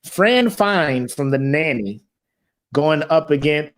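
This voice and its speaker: Joking and swearing in relaxed podcast chat, this young male co-host has a fairly high, animated voice. He takes things slowly and keeps a laid-back manner.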